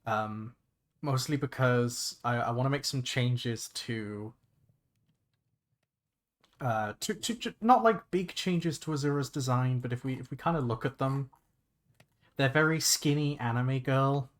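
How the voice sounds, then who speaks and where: A young man chatting casually on a livestream while he plays a game, rambling and excitable, swearing freely and restarting his sentences. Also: mid-range voice, measured pace, pauses often. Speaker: VTuber streamer. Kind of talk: casual gaming livestream chat.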